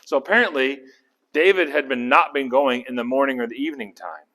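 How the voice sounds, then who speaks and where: A man's voice: medium pitch, a little fast. A man leading a casual Bible study, talking through the passage and asking his group questions. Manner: animated, acts out characters' lines; conversational, asks the group questions.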